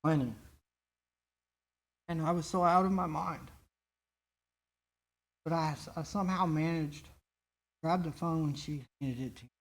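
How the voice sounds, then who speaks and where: Man, fairly high voice, earnest and halting, telling his recovery testimony at a church meeting. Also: steady tone. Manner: earnest, halting storytelling with frequent restarts.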